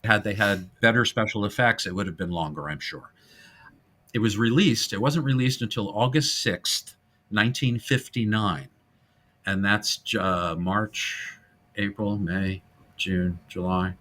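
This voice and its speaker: A man hosting a casual film-history podcast, animated and jokey, now and then breaking into silly voices. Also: lowish voice, measured pace. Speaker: podcast host.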